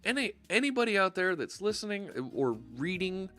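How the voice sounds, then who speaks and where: A man's voice: sits high, very animated, normal speed, bright, forceful tone, faint music behind. A man streaming a live coding session, chatting casually and thinking aloud with fillers as he works.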